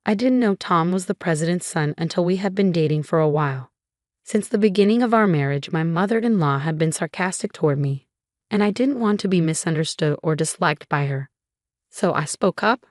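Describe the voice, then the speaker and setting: A woman giving steady, scripted first-person narration of a family drama story. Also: fairly low pitch, brisk, no room sound, studio quality.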